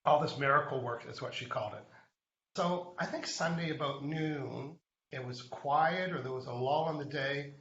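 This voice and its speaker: A man hosts a live show and tells a chatty story straight to the viewers. His voice is bright and forceful. The sound is roomy and a little dull. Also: fairly high pitch, normal speed, a little hiss or hum. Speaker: host. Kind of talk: live online show chat.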